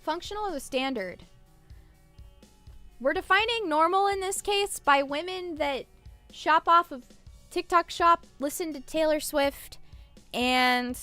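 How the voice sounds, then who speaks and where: A woman's voice: sits high, bright, forceful tone. A woman streamer rambling in casual live-stream chat, irreverent and swearing freely.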